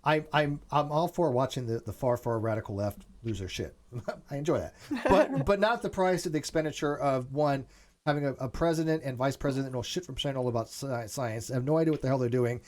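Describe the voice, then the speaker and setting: A man's voice: mid-range voice, brisk. A man hosting a casual live online chat, talking animatedly and often restarting his sentences. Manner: animated, repeats words when starting sentences. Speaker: host; military veteran.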